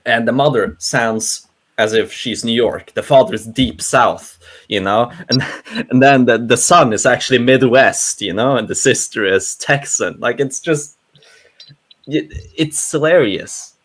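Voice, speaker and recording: A man with a Norwegian accent talking in a casual online panel, animated and chuckling, often trailing off and restarting. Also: medium pitch, measured pace. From Norway. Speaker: panel guest.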